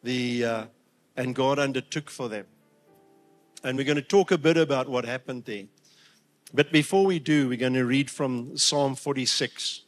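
A man's voice: medium pitch, soft background music. Emotional man preaching a sermon. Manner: heartfelt, emotional, with halting restarts and rising emphatic peaks.

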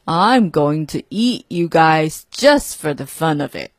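A woman voicing a huge male monster in a storybook reading, with a breathy voice. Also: sits low, lively intonation, slow pace, no echo, studio quality, pitched below the performer's own voice, heavily acted. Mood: menacing. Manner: bellowing threats, later wailing for help. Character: huge hungry male monster, bullying then panicky.

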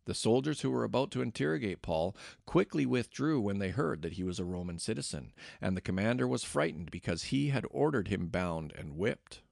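A man reading scripture aloud in steady, measured narration. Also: lowish voice, vocal fry, dry recording, clean studio sound. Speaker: scripture reader.

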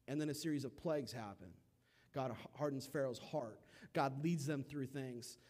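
A young man preaching a sermon, retelling a Bible story with lively voices for its figures. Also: medium pitch, normal speed. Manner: animated storytelling, acting out voices of biblical figures. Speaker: pastor.

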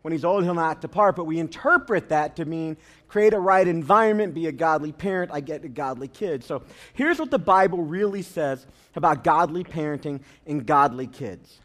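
Guy preaching a sermon, chatty and funny, voice a bit on the high side. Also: expressive, normal speed, a bit bright. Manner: conversational and humorous, tells anecdotes. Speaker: pastor.

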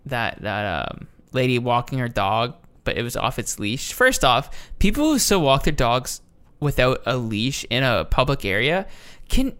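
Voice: medium pitch, lively intonation, unhurried, fairly bright tone, clear, resonant tone. Profane ranting podcast host. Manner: ranting, profane, with many restarts. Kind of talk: casual podcast chat.

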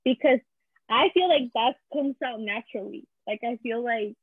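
A woman's voice: on the high side, moderate pace, husky, dry recording. A young woman from Mexico with a Mexican Spanish accent, chatting casually with lots of fillers and switching into Spanish. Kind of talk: casual chat. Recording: tinny phone line.

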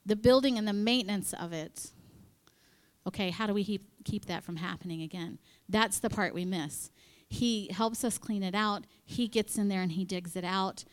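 A woman with a mid-range voice speaks at normal speed before a live audience at a women's church gathering. Her sermon is chatty and conversational, with acted-out quoted voices and whispered asides.

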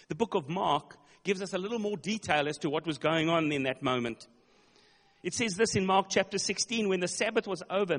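A male pastor preaching a sermon, retelling a story dramatically with emphatic, repeated words. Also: a little high. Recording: long hall reverb.

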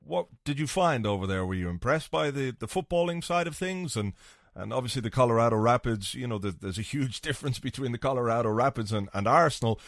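A man's voice: medium pitch, quick pace, no room sound. A man hosting a football podcast in a loose, chatty way, swearing freely and acting out little scenes. His voice swings up and down a great deal. The sound is dry, with no room around it. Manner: sweary, animated, acts out voices for comic effect. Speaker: podcast host. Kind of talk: casual football podcast monologue.

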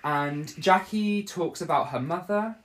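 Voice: mid-range voice, measured pace, a little hiss or hum. A podcast host rambling through a casual chat and laughing often.

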